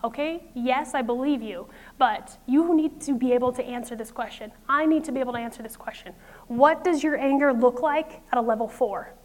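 High-voiced woman preaching a lively sermon. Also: a little fast. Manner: lively, conversational, acts out inner voices with laughs. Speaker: pastor.

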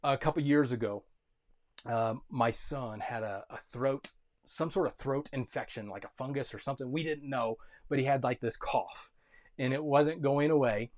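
A man in his thirties preaching a sermon, swinging between loud urgent calls and quiet, intimate storytelling. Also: medium pitch, moderate pace. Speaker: pastor.

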